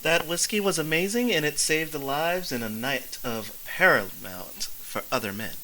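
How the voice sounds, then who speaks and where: A woman playing a tabletop game, talking in character in a relaxed, chummy way. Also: low-pitched, normal speed, crowd noise, low-quality recording. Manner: relaxed, chummy, laughs between lines. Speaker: player. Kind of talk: in-character tabletop role-play.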